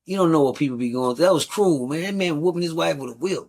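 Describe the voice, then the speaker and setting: A man's voice: fairly high pitch, fast, creaky, a little mellow. A middle-aged man, a guest on a talk show, telling rambling stories in a blunt, profane, casual way. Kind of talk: casual storytelling.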